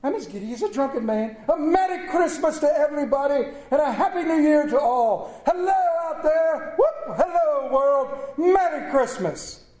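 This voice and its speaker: A man's voice: very high-pitched, big pitch swings, moderate pace, dark tone, roomy sound, voice pushed up. A man playing Ebenezer Scrooge, giddy old miser. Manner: exclaiming, laughing and crying at once. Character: elderly male miser, giddy with joy.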